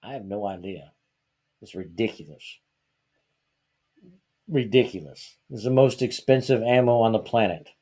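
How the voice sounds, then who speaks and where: A man hosts his own podcast, talking casually and growing heated and exasperated as he fires off rhetorical questions. His voice sits in a middle pitch with a mellow, darker tone. He's from Georgia. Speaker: podcast host. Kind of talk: opinionated casual talk.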